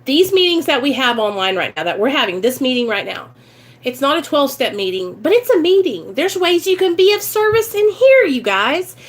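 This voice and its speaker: Recovery vlogger, woman, Midwestern American accent, high voice, emotional and direct, casual live chat. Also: sing-song, a little fast. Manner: earnest, emotional, talks straight to viewers.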